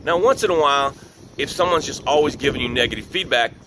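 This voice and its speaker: A man's voice: mid-range voice, fast talker, noisy background. A middle-aged man giving an earnest motivational talk as a business coach, repeating his key phrases for emphasis.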